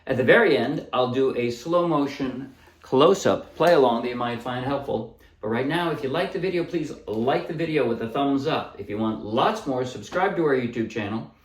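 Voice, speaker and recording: Speaking at normal speed with a medium-pitched voice, a man gives a relaxed ukulele tutorial, describing chords and strum patterns and singing short pieces as he plays. The ukulele is loud, the room echoes, and he sits a little far from the mic.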